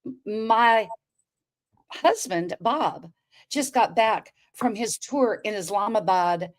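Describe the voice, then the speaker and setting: A woman telling her story on a talk show as a guest, expressive, acting out quoted dialogue and turning to address the listeners. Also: mid-range voice, slow.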